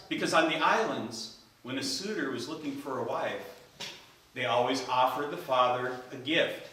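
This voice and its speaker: A man giving a told story speech at a speaking club, animated, acting out characters, recorded in an echoey room from far off. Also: medium pitch, normal speed. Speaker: Toastmasters speaker.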